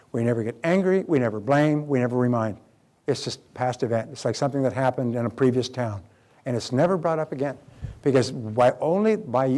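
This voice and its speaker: An older man delivers a live self-help seminar in a mid-pitched voice. He tells stories with animated energy and briefly takes on the voices of the people he quotes. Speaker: motivational seminar speaker.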